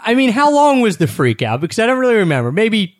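A man's voice: high-pitched, huge pitch swings, quick pace, no echo, studio quality. A young man co-hosting a casual travel chat, talking in a rambling, self-deprecating way. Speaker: travel podcast co-host.

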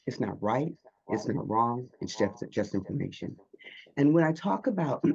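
A man's voice: fairly high pitch, creaky, mellow, slightly rough, lo-fi sound. A man who coaches public speaking, answering interview questions and acting out the inner voices he quotes.

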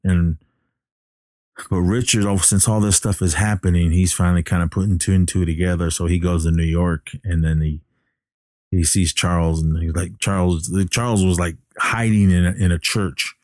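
A man casually recapping a film plot as a podcast host, halting with many fillers and restarts. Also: deep voice, steady tone, darkish tone, dry recording, clean studio sound.

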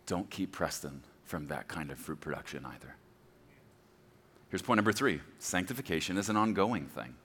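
A man in his forties preaches with a lively voice that leaps up and drops low. He tells stories with laughter and pokes fun at himself. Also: moderate pace, slightly rough, in a large hall. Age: 40s. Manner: animated storytelling preacher, laughing and self-deprecating. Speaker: pastor. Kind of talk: sermon.

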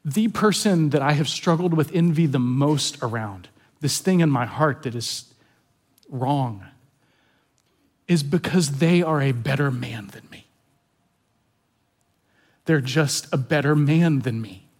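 A man's voice: medium pitch, slow pace, long pauses, slightly rough. A man pastor giving a sermon in an earnest, confessional way, often repeating words as he stresses a point.

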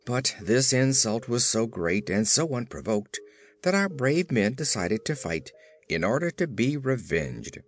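A man voicing a worried one-legged hopper woman in a storybook, speaking gravely. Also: medium pitch, big pitch swings, unhurried.

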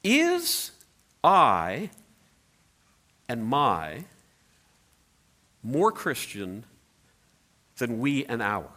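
A man's voice: medium pitch, extremely slow, long pauses. A middle-aged man preaching a sermon, telling stories with playful asides. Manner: animated storytelling with playful asides. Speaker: pastor.

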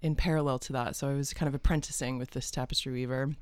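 A woman's voice: rumbling low, fairly even intonation, fast talker, clean tone, no echo. A woman from the United States with a mixed American and British accent, a podcast guest telling her story in a chatty, rambling way with many fillers, in a podcast studio. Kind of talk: conversational interview.

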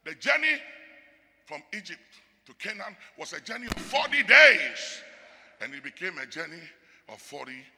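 A gravelly, high-pitched male pastor preaches with a bright, sharp edge. His voice leaps from shouts down to hushed murmurs, and the lines ring out with a long hall echo. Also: very animated, moderate pace, pauses often. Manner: call-and-response preaching, shifting from shouts to near murmurs. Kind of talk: sermon.

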